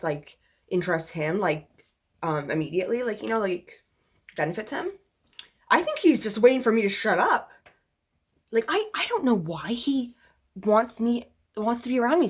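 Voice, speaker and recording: Rambling, venting young woman vlogger. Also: mid-range voice. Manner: rambling, filler-heavy, blunt and profane; venting, exasperated. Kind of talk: casual chat.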